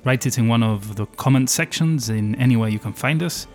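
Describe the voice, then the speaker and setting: A man's voice: mid-range voice, brisk, faint music behind. A man co-hosting a tabletop game podcast, chatting casually and laughing often. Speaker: podcast co-host and player. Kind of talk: casual chat.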